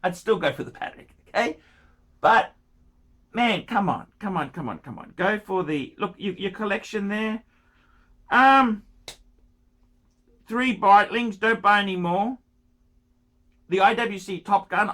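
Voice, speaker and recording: A man's voice: sits high, unhurried, long pauses, pushed and bright. A man giving watch-buying advice in a casual rant, pushy and pleading, repeating himself and throwing in crude jokes.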